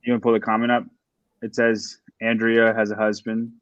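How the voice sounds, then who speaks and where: A man's voice: lowish voice, completely flat delivery, brisk, fairly bright tone, no echo, muffled recording. A man hosting a podcast, talking through competition standings in a casual, analytical way. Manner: talkative, analytical. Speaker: podcast host.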